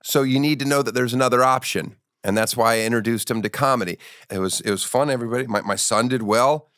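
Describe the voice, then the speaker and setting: Brief: forties male comic host, loose profane storyteller, middle pitch, dry close mic. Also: quick pace, a bit bright, dry recording. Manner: rambling, profane storytelling with restarts. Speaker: podcast host. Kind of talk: casual comedic chat.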